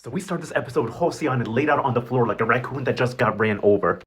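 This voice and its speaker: A man hosting a casual, slangy recap, animated and gossipy and swearing freely. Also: medium pitch, quick pace, slight background noise. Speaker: novela recap host.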